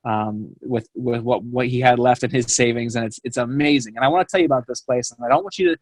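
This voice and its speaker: A young man, a fitness coach, telling a rambling, animated story on a team call. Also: medium pitch, quick pace, no echo.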